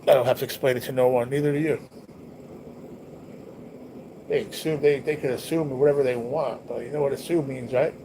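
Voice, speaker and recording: In a low-quality recording with noticeable background noise, a livestream host speaks fairly quickly in a mellow, medium-pitched voice, keeping a steady tone and pausing often. He chats bluntly with viewers, rambling, profane and slangy.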